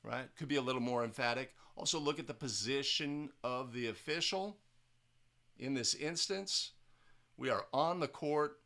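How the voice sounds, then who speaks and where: Speaking at a normal pace with a medium pitch and a sharp edge, a man plays a basketball officiating instructor reviewing game footage. His teaching style is casual, and he keeps tacking "right?" onto points and starting sentences over.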